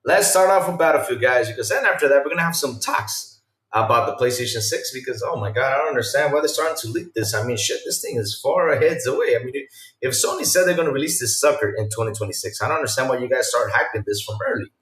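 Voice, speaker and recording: A man hosting a casual live-stream podcast, talking excitedly and loosely to his chat with lots of fillers. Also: mid-range voice, quick pace, echoey room.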